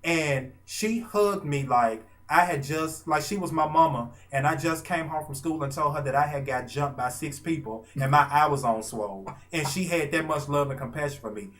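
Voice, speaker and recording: Guy from arkansas gushing through a story, animated, lots of pauses for effect. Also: a little high. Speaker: vlogger and fan. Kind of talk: casual storytelling.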